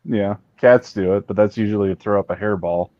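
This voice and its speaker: A man's voice: on the low side, a little fast. A man co-hosting a casual commentary chat, dropping dry, sarcastic quips. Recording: dull lo-fi audio.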